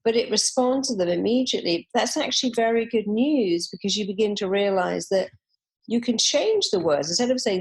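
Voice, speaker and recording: A woman's voice: mid-range voice, expressive, brisk, slightly rough. A woman, a therapist guest in an interview, telling stories and acting out the voices of people she quotes. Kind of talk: conversational interview.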